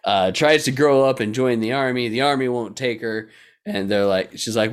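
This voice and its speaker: Young man, casual chat, mid-pitch voice, frequent laughs, swears, acts out quotes. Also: normal speed, smooth. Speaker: podcast co-host.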